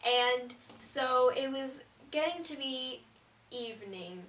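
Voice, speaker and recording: A woman's voice: high voice, lively intonation, slow, fairly bright tone, far from the mic. A teenage girl telling a story in a casual vlog, chatty and rambling with lots of "like". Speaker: vlogger. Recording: roomy, away from the mic.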